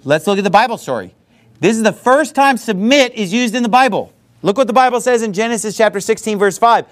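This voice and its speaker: Animated man preaching a sermon. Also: very high-pitched, a little fast. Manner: conversational, animated storytelling with frequent asides. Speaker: pastor.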